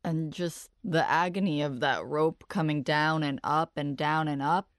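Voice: mid-range voice, fairly even intonation, measured pace. Interviewer, medium voice, brief prompts and follow-ups. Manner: brief prompts and short backchannels. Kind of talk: interview questions.

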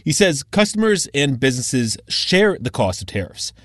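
A male radio reporter delivers a scripted news story in a measured, explanatory way. The sound is dry and close, with no room around it. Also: medium pitch, sing-song, no room sound.

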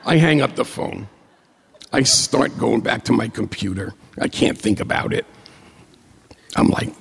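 A middle-aged man from New York State tells a funny personal story to an audience, mocking himself as he builds excitement. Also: medium pitch, a little slow, vocal fry, pauses often, slightly rough, in a large hall. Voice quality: blind.

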